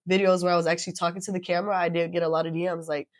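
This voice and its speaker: A young woman with a deep, raspy voice, co-hosting a casual podcast chat, lively and swearing freely. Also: racing, no echo, clean studio sound. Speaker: podcast co-host.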